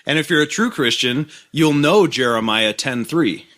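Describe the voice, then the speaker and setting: A man co-hosting a podcast in casual chat, animated and swearing, laughing often. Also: fairly high pitch, normal speed. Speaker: podcast co-host.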